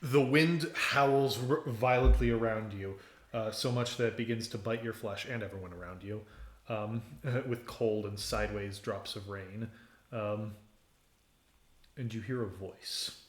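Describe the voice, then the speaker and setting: A man running a tabletop game, narrating scenes in a loose, filler-heavy way. His voice sits on the low side and rings in an echoey room. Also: unhurried. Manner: casual narration full of "like" and "um". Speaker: game master.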